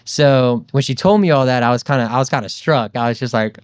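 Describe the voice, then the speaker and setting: Smooth-voiced young man, rambling. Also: mid-range voice, fairly quick, hardly any pauses, no echo, studio quality. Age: 20s. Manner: rambling, loose, lots of fillers and "dude". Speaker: podcast guest. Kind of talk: casual storytelling chat.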